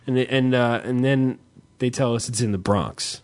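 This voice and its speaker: A man's voice: medium pitch, fairly even intonation, moderate pace, a little mellow. A man telling a rambling, self-deprecating story in casual chat, swearing freely.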